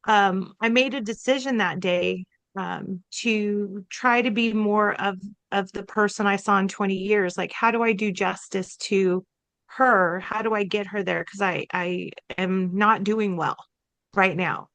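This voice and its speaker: A woman chats on a podcast, spinning a personal story with lively, animated delivery and acting out what people said. Her voice sits at an ordinary middle pitch, and the sound is close and dry with no room echo. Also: measured pace. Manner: chatty and animated, quotes herself and others in lively voices. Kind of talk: casual conversational storytelling.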